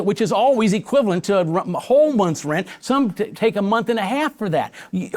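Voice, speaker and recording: A man, a pastor, speaking with energy and emphasis in a live interview, often repeating words as he builds his point. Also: high voice. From Chicago area.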